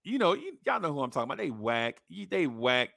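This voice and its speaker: Guy going off on a podcast rant, kinda high voice, bright and sharp, dry close sound. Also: a little fast, gravelly, no room sound. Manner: blunt, mocking, animated with slang. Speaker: podcast host. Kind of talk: opinion rant to camera.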